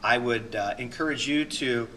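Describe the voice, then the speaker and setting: A man's voice: medium pitch, normal speed, sharp tone, slight background noise. A man teaching a class on anger as a coach, talking earnestly and conversationally while walking listeners through handout pages. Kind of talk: recorded teleseminar lesson.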